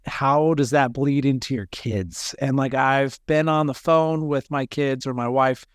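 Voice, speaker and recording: A man's voice: mid-range voice, steady tone, measured pace, clear, resonant tone, dry recording, clean studio sound. A man hosting a casual podcast, talking in a rambling way with many restarts. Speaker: podcast host, firefighter.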